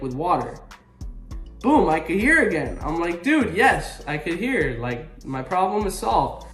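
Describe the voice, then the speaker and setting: A young man vlogging casually, telling a story with swearing and loud, animated exclamations. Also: on the high side, echoey room. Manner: animated, swearing, rising to exclaims when retelling pain.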